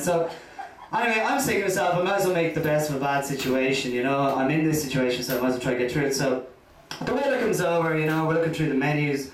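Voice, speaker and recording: Irish man, stand-up comic, high-pitched, heard from a distance in a very echoey club. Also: quick pace. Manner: rambling storytelling full of "you know" asides. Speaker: stand-up comedian. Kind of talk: stand-up comedy routine. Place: comedy club stage.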